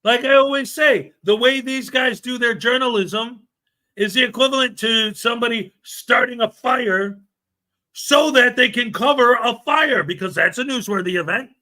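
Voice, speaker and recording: A man hosts a commentary show in a high, ringing voice. He rants with open sarcasm and mockery, leaning hard on each point. The tone is bright and cutting. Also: normal speed. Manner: sarcastic, mocking, emphatic. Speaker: show host. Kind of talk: ranting commentary.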